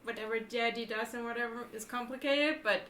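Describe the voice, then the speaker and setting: A woman's voice: a little high, fairly even intonation, fairly quick, fairly bright tone, a little hiss or hum. A woman co-hosting a casual livestream, chatting playfully with her partner. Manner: playful, chatty, laughs easily. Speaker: livestream co-host. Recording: echoey room.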